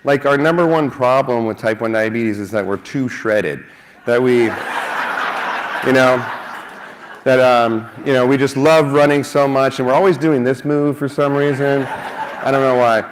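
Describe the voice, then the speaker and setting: A man's voice: mid-range voice, a little slow, noisy background. A man speaking at a conference, joking and self-mocking, a little out of breath. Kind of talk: lively conference talk with jokes. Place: conference hall.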